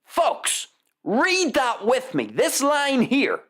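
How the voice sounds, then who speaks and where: A woman's voice: high-pitched, wildly swooping pitch, very slow. A woman hosting a live news commentary show, reading articles aloud with sarcastic, mocking asides and free swearing. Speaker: show host.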